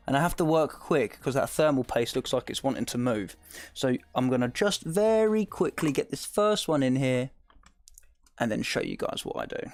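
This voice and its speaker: With soft background music, a southern English streamer with an Essex accent talks at a moderate pace in a mid-range voice. His tutorial chat is casual and chatty: he explains a task, reads chat messages aloud and laughs frequently.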